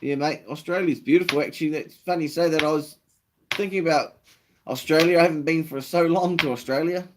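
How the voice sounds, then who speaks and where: A man's voice: fairly high pitch, a little fast, noisy background. A man with a New Zealand accent hosting a casual live stream, laid-back, swearing freely and answering viewer comments.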